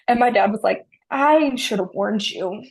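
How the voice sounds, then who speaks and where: Gravelly woman telling dry-humored stories. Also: on the high side, a little slow. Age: 30s. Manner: dry humor, animated retelling. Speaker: guest. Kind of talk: casual storytelling.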